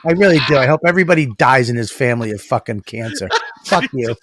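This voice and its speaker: A man's voice: mid-range voice, lively intonation, quick pace, noisy background. A middle-aged man co-hosting a podcast, ranting crudely with lots of swearing and laughter. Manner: profane, ranting, laughs often. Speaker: podcast co-host. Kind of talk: crude comedic banter.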